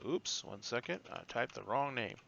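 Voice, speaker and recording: A man's voice: medium pitch, lively intonation, normal speed, gravelly, lo-fi sound, noisy background. A man narrating as game master of a tabletop game, casual and rambling with lots of fillers.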